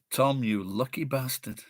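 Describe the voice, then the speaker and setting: A man's voice: medium pitch, dry recording, clean studio sound. A middle-aged man with a Sheffield accent, rambling in casual chat with friends and swearing bluntly. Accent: Sheffield English. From Sheffield, England.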